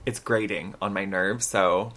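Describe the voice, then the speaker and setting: Animated storytelling man. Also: low-pitched, a little slow. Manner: animated storyteller, acts out quotes. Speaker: podcast co-host. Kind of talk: casual chat.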